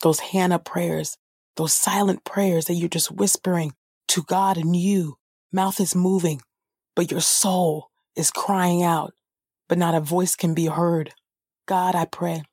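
A woman's voice: lowish voice, fairly even intonation, takes it slowly, darkish tone, breathy edge, dry recording, clean studio sound. A woman who reads scripture aloud and then leads a fervent, spontaneous prayer, often repeating "oh God" and restarting her phrases. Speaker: Bible reader and prayer leader.

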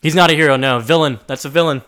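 A man's voice: on the high side, fast, a bit bright, clear, resonant tone. A young man co-hosting a casual rewatch podcast, recapping scenes with crude jokes. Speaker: podcast co-host.

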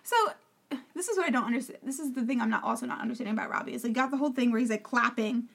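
An opinionated woman with a fairly high voice, trading takes on a reality show in casual podcast chat. She talks emphatically and cuts in often. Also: very fast, gravelly, fairly bright tone, slightly rough. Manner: opinionated, emphatic, talks over the other host. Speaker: podcast co-host.

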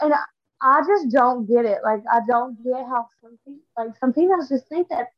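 High-voiced, blunt, rambling woman. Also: moderate pace, no room sound, muffled recording. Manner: blunt, rambling storyteller with many fillers. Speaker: podcast co-host. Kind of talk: casual chat.

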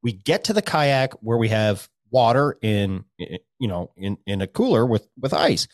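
A man's voice: medium pitch, animated, moderate pace, dry recording, studio quality. Profane rambling man on a podcast. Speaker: podcast co-host. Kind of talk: casual podcast chat.

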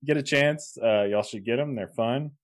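With a mid-range voice and a moderate pace, this podcast co-host from Kansas chats casually. He wanders off track, restarts his thoughts, and breaks into laughter mid-sentence.

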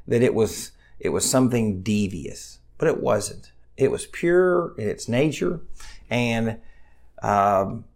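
A male pastor preaching to a livestream audience, his voice gravelly with a mid-range pitch. He talks in an earnest, plain way, full of small fillers, and lifts his voice when he reads scripture. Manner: reads scripture aloud louder and more animated. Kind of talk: sermon.

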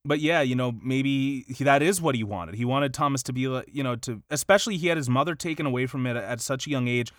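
A man co-hosting a podcast in casual chat, animated and quick to laugh. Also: mid-range voice, dry recording, studio quality. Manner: animated, laughs often, tries playful accents. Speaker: podcast co-host.

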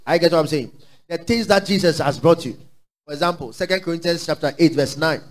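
High-voiced Ghanaian pastor preaching. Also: male voice, a little fast. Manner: exhorting call-and-response preaching; swings between low asides and loud declarations. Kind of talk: sermon.

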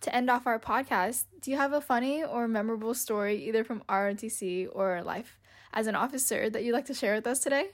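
Young woman, higher pitch, podcast host, friendly scripted questions. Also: brisk.

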